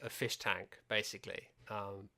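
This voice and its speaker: A man's voice: on the low side, level tone, normal speed, gravelly, sharp tone. A man, a podcast guest, telling stories in a wry, self-deprecating casual chat. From England.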